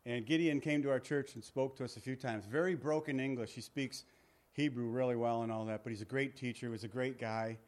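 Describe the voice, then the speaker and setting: A man's voice: mid-range voice, steady tone, a little fast, darkish tone. A male pastor teaching a Bible passage in a conversational sermon, reading scripture aloud and paraphrasing it.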